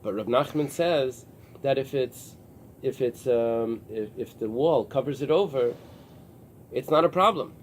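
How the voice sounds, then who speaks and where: A man teaching a Talmud class, pausing and restarting often as he explains the text. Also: mid-range voice, dark tone, a little hiss or hum. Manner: explains in halting restarts with many fillers. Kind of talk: early-morning Talmud class. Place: synagogue study room with a small group.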